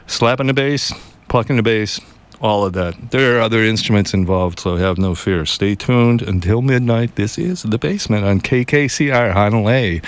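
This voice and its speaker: A man hosting a community radio show in a studio, talking in a relaxed, chatty and joking way. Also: lowish voice, smooth, no room sound. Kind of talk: casual live radio talk. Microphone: studio mic with headphones.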